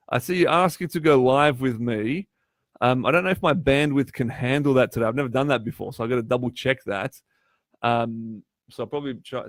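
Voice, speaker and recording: A man tutoring on a live stream, voice in the middle range for a man. He talks in an animated way, slips into quoted voices and restarts his sentences often. The sound is close and dry, with no room echo. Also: mid-range voice. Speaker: test prep tutor.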